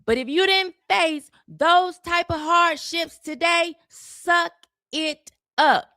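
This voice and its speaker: A woman with a high voice and a gravelly edge delivers a preachy, scolding monologue at an unhurried pace. She leans on sarcasm and repeats words when she gets heated. The sound is close and dry. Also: bright, forceful tone, no room sound. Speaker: social commentator. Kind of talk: opinion monologue.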